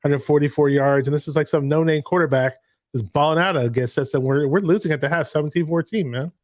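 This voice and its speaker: A man hosting a live sports reaction show, recapping a game in an excited, rambling way. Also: fairly high pitch, quick pace, dry recording, studio quality. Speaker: podcast host.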